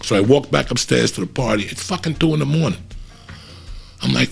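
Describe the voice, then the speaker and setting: A middle-aged man telling a profane, animated story in a casual way and acting out the voices of the people in it. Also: medium pitch, moderate pace, vocal fry, faint music behind. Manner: profane, animated, acts out voices in his stories. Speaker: comedian storyteller.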